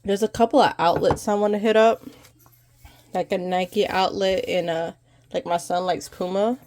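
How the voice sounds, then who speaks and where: A woman's voice: medium pitch, steady tone, moderate pace, darkish tone. A woman vlogger with a congested, stuffy voice, chatting casually and rambling as she goes over her budget. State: congested from allergies. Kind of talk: casual chat to camera.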